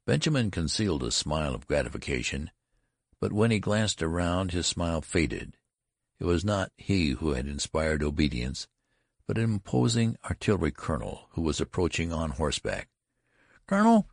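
A man narrating a story aloud in a measured, expressive way. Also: very deep voice, vocal fry, breathy edge, dry recording, clean studio sound. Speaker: audiobook narrator. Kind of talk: scripted narration.

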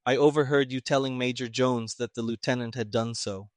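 A man reading the part of a calm, clever male detective who speaks flatly and deliberately. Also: medium pitch, dry recording, clean studio sound, close to an everyday voice. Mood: toneless, cool. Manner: flat, toneless, deliberate.

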